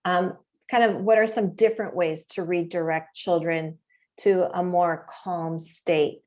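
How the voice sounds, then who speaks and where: A woman with a fairly low voice moderates an online parent talk. She reads out audience questions, pausing on fillers as she goes. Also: steady tone, darkish tone.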